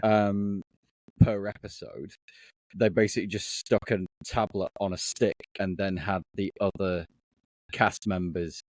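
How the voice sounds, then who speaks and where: A man's voice: low-pitched, fairly even intonation, a little slow, no echo. A British man co-hosting a podcast in casual chat, talking bluntly with frequent swearing and stop-start restarts. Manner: blunt, sweary, self-correcting. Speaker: podcast co-host.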